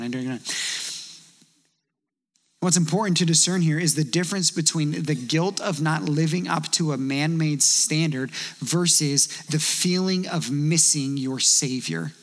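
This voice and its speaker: A man preaching a sermon in a conversational, animated way, telling stories and quoting voices as he goes. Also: fairly high pitch, big-room sound. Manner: conversational, animated storytelling with acted quotes. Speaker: pastor.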